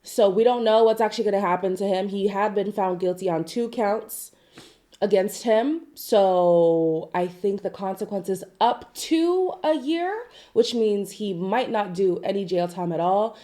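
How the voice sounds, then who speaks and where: A woman's voice: normal speed, warm tone. A woman with a nasal voice from being sick, chatting casually to camera as a gossip vlogger, reading news items aloud with chatty asides. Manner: chatty, asides and hedges, swoops up in pitch for emphasis. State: sick with a stuffy nose.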